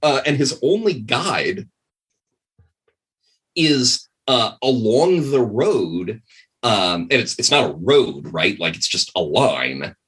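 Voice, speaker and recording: Man, podcast guest, rambling casual storytelling, lively pitch, bright husky voice. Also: slow pace. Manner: rambling, animated, many fillers. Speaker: podcast guest, game designer.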